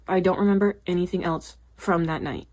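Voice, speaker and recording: A young woman with a slightly low voice tells a personal story straight to camera. She talks in a chatty, confessional way, leaning on "like" and "literally", and her tone turns emphatic and indignant. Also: fairly even intonation, brisk, a little mellow. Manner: chatty, confessional, peppered with 'like' and 'literally'.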